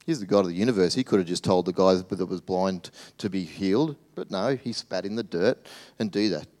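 A man preaching a sermon as pastor, swinging between loud animated bursts and hushed, tender asides. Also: sits low, brisk.

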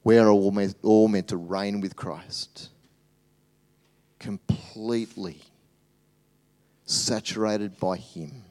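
A man preaching a sermon as pastor, swinging between loud animated bursts and hushed, tender asides. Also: fairly low pitch, takes it slowly, pauses often.

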